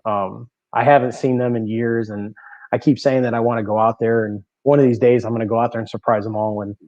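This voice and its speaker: A man's voice: mid-range voice, little pitch movement, brisk, a little mellow, no echo. A man, a bowling podcast guest, telling stories casually and animatedly, laughing often and repeating words as he goes. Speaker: guest bowler. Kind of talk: casual storytelling in a podcast interview. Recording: slightly dull, dry lo-fi audio.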